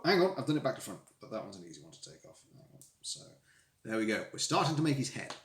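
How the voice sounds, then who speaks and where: A man chatting casually on a live stream while building Lego, rambling and poking fun at himself. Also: lowish voice. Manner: rambling, self-mocking, chatty with viewers. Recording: echoey room with faint noise.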